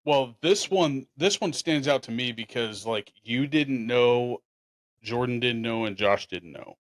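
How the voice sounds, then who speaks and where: A man's voice: mid-range voice, unhurried, no echo. A man hosting a podcast, telling rambling hometown stories in a casual chat. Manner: rambling, animated storyteller with restarts. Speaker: podcast host.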